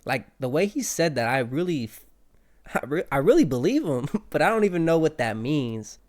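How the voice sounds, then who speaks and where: A man's voice: fairly high pitch, big pitch swings, moderate pace, a little mellow. A man hosting a casual reaction video, laid-back and slangy. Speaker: reaction host.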